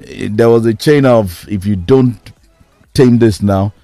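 A man on a sports talk panel, giving measured, assertive analysis. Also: on the low side, warm tone, no room sound, soft background music. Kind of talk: casual chat, analysis.

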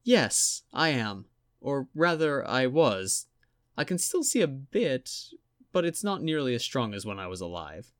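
A man's voice: mid-range voice, big pitch swings, no room sound, studio quality, pitched above the performer's own voice. A man reading a story aloud and voicing a proud, chatty, lonely young female ghost in a raised, lilting voice. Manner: eager rapid questions. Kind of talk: audiobook reading.

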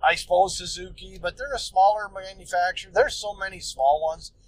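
A man's voice: high voice, brisk, low-quality recording. A man hosting a solo podcast, telling a story in a loose, profane, ranting way. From United States. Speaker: podcast host.

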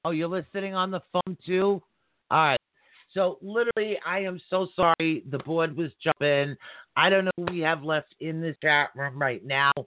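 A man hosting a live call-in psychic reading show, chatty and quick to laugh. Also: fairly high pitch, dry recording. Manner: chatty, warm-toned addresses, laughs often. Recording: dry tinny phone-line sound.

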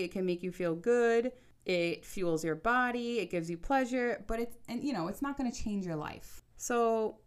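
A woman in her thirties giving casual advice straight to her audience, talking quickly in bursts and often checking in with "okay?". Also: mid-range voice, smooth. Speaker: vlogger. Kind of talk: casual advice monologue to camera.

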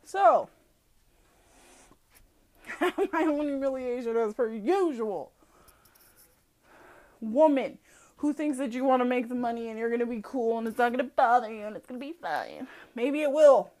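On her own podcast, a woman with a fairly high voice rants bluntly and swears heavily, speaking unhurriedly with frequent pauses. She laughs a lot and mocks people as she tells her stories in an animated way.

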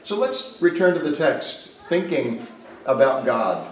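A man preaching a sermon as a pastor, emphatic, with dramatic swings in loudness and pace. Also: a little high, big pitch swings, a little slow. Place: retreat camp meeting space. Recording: roomy echo, distant mic, faint background noise.

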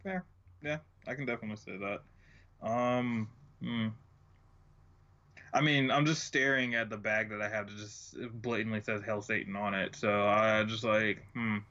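A man co-hosting a podcast in casual chat, with a dry, low-key manner. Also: steady tone, moderate pace, pushed and bright. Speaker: podcast co-host. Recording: dull lo-fi mic sound.

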